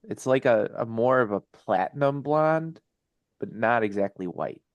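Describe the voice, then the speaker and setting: A man narrating a tabletop game as game master, unhurried and quick to laugh. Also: medium pitch, expressive, no room sound, muffled recording.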